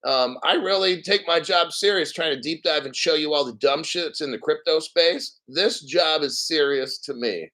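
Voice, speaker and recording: A man hosting a crypto livestream in a blunt, profane rant, reading out viewer comments between jabs. His voice sits a little high for a man and rings bright and forceful. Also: moderate pace, hardly any pauses, rough recording. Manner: mocks others in exaggerated put-on voices. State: a little out of breath.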